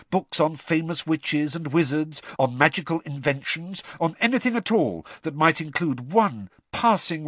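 An audiobook narrator giving a dramatic, expressive scripted reading of a story. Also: medium pitch, dry recording.

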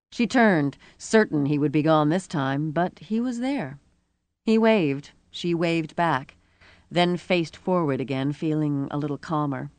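A woman reading a novel aloud as an audiobook narrator, in a measured, expressive way. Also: deep voice, dry recording.

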